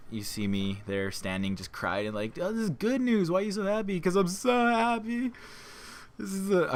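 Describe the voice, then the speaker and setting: Excitable, rambling young man. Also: mid-range voice. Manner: rambling, excitable, repeats words. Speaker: gaming YouTuber. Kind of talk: casual excited monologue over gameplay.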